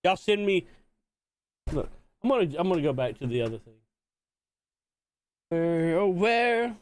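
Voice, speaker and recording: A man's voice: fairly high pitch, lively intonation, normal speed, darkish tone, no echo. A man from Mississippi, chatting casually to viewers while hosting a live-stream watch party, rambling and repeating himself.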